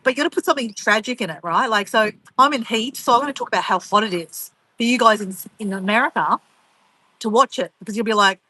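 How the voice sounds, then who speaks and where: Bright-voiced Australian woman, chatty vlogger. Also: a little high, fast. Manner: rambling, chatty, laughs often, teasing. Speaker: vlogger reading viewer comments. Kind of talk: casual live chat.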